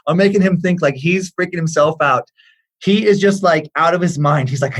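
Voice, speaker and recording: Chatting casually on a podcast, a middle-aged man appearing as a guest comedian spins stories and performs the voices in them with lots of animation. He speaks at a normal speed in a fairly high voice.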